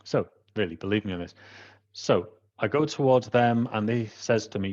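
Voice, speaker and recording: A low-voiced Welsh man recounts a personal anecdote and acts out the people he talks about. The recording is dull and lo-fi, as if from a modest home setup. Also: moderate pace. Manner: animated, acts out the people he quotes. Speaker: trainer. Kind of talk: personal storytelling monologue.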